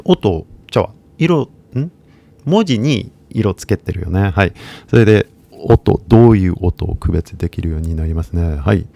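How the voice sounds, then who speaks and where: With a low pitch, quick delivery, and vocal fry, a man hosts a casual live-stream lesson without any echo. He mixes American-accented English and Kansai Japanese, talking in an easygoing, mumbled style.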